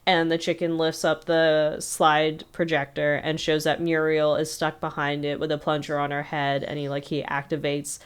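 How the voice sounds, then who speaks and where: A woman's voice: low-pitched, steady tone, normal speed, fairly bright tone, smooth. A woman co-hosting a podcast, casually recapping a cartoon episode in a rambling way full of "like" and fillers. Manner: rambling, filler-heavy retelling with frequent "like". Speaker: podcast co-host.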